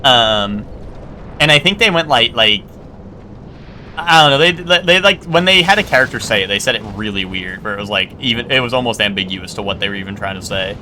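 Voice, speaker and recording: A man's voice: medium pitch, expressive, brisk, pushed and bright, a little hiss or hum. A man streaming a game and chatting casually, rambling and playfully arguing with his chat. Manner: rambling, self-correcting, argues playfully with chat. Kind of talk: casual live-stream chat while gaming.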